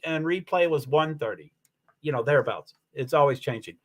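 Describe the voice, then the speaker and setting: A man with a high, bright voice hosts a casual livestream, thanking viewers and wandering between points. He talks in a loose, rambling way, full of ums and restarts. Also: moderate pace. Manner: rambling, chatty, with many fillers and restarts. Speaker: livestream host.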